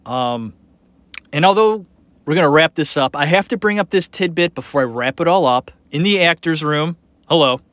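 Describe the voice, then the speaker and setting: Animated, opinionated male podcast host. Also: on the high side, moderate pace, no echo. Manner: animated, opinionated, rambling with fillers. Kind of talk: casual commentary.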